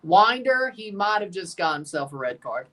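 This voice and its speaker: Exasperated man shouting at a match from off-mic. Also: high-pitched, normal speed, recorded from a distance. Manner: excitable, exasperated, bursts into shouts. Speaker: watchalong streamer. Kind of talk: live match reaction commentary.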